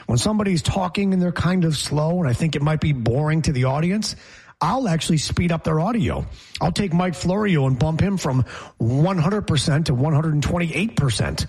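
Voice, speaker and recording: Husky, animated male sports host. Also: on the high side. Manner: animated, opinionated, reads show rundown. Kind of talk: casual sports talk.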